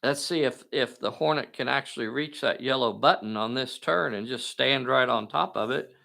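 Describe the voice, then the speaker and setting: A man's voice: medium pitch, moderate pace, gravelly, sharp tone. A man hosting and narrating a live tabletop game in a folksy, enthusiastic way, talking to viewers. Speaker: game master and host.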